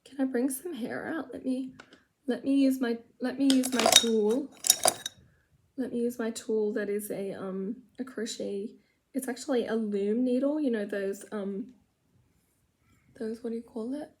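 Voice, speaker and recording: Rambling woman, fairly high voice. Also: fairly even intonation, a little slow, a little mellow. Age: adult with children. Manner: rambling, chatty, self-mocking, drops to mutters. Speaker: vlogger doing makeup. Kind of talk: casual get-ready-with-me chat. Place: her room at home.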